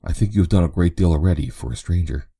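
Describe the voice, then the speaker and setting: A man's voice: sits low, animated, fast, vocal fry, dark tone, husky, heavily acted. A man voicing a grieving young woman who is fighting a morphine craving, speaking in a tense, strained way. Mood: subdued.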